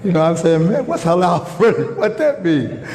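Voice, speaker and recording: American guy preaching in a mosque, mellow voice, slangy and loud at times, big echoey hall. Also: high voice, normal speed. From United States. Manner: animated, slangy street talk, rises to shouts. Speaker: guest preacher. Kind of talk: sermon.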